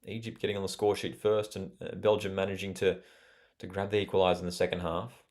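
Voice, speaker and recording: A young man with an Australian accent talks through a live football watch party in a relaxed, rambling way. His voice sits a little low, and he reads viewer messages aloud between remarks on the play. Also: fast talker. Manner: chatty, reads out live chat, frequent fillers. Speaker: watchalong host. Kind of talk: casual live commentary.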